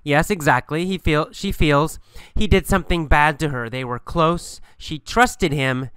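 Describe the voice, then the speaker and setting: A man teaching English through a story, speaking slowly and emphatically and asking and answering his own questions. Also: a little high, bright, forceful tone, clean tone, dry recording. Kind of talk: storytelling language lesson.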